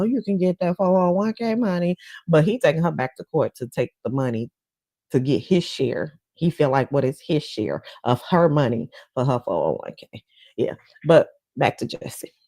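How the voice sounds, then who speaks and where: Chatting and gossiping casually with viewers on her livestream talk show, this woman laughs between points. She has a very deep, slightly mellow voice with no echo, and the talk is casual commentary.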